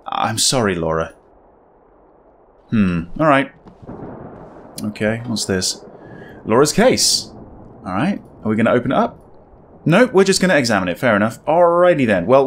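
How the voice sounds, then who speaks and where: A man's voice: mid-range voice, very animated, moderate pace, pauses often. A man giving casual, wry commentary while playing a horror game, thinking aloud. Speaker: gaming video creator.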